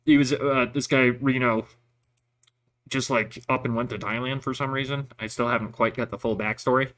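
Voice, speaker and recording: A man with a bright voice rambles through casual stories, swearing freely and laughing at his own jokes. He talks like a veteran chatting with a friend, loose and unscripted. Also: mid-range voice, fairly even intonation, moderate pace. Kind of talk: casual chat.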